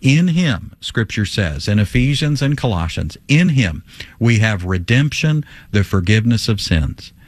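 A man's voice: fairly low pitch, very animated, measured pace, no echo. A man hosting a call-in radio teaching show, answering a caller in an emphatic, conversational way, with frequent rhetorical questions and "uh" fillers.

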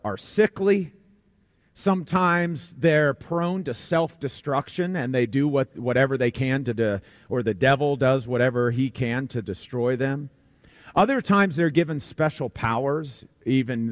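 A man's voice: medium pitch, dry recording, clean studio sound. Folksy, conversational male preacher. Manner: conversational, repeats words, folksy humor. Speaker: pastor. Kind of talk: sermon.

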